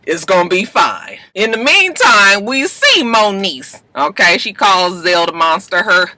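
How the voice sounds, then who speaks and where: A vlogger recapping a reality TV episode in a casual, animated way, full of cursing and sassy asides. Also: medium pitch, measured pace.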